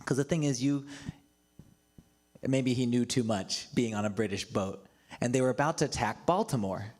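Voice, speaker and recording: Casual pastor type, storytelling sermon, laughs often between lines. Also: male voice, medium pitch, animated, moderate pace, darkish tone. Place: church livestream.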